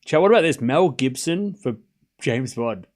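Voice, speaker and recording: A man's voice: mid-range voice, lively intonation, normal speed. A young man casually commentating a tennis match on a live stream, chatting with his viewers, cracking jokes and drifting off on tangents between points.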